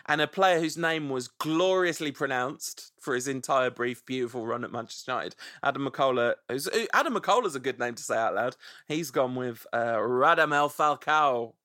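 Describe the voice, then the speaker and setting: Reading listener suggestions on his podcast, a man relishes saying the names aloud in a playful, casual way. He speaks at a moderate pace with few pauses, his medium-pitched voice fairly bright, recorded clean in a studio without echo.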